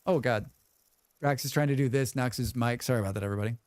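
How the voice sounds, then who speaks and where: A man's voice: medium pitch, quick pace, darkish tone, clean tone, no room sound. A man livestreaming a game, chatting casually with viewers, humming and thanking them as he plays. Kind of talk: casual livestream chat while gaming.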